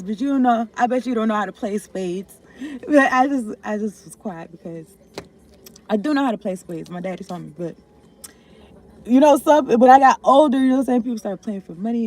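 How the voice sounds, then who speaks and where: A woman reads tarot in a loose, rambling way, swearing freely and trailing off mid-thought. Her voice sits a little high but sounds mellow and warm rather than bright. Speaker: tarot reader. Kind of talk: casual tarot reading.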